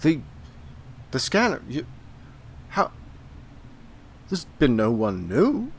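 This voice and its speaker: A flustered tree man, human-sized, who trips over his words and restarts every phrase, as a man puts him on. He speaks at a middling pitch, and a faint hiss sits under the remote recording. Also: huge pitch swings, slow pace, creaky, heavily acted. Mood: alarmed. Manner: stammering, hesitant.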